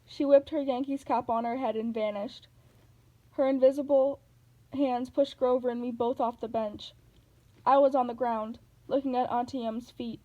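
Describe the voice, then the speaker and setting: A woman narrating a novel aloud in a steady, plain reading manner. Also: fairly high pitch, low-quality recording.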